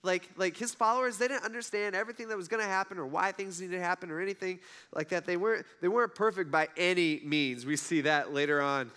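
A man's voice: sits high, fast talker, bright, forceful tone, smooth. A man giving a casual storytelling sermon, retelling stories in a conversational way and acting out the quotes. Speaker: preacher.

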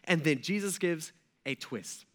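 A male pastor preaching in a fairly high, bright voice. He tells the story casually, in everyday slang, and breaks off often to speak straight to the congregation. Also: animated, unhurried. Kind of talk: sermon. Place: church.

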